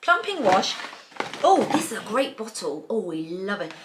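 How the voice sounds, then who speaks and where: A woman's voice: mid-range voice, very animated, normal speed, background noise. A British woman in her thirties, chatting playfully as she unboxes beauty products. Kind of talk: casual chat.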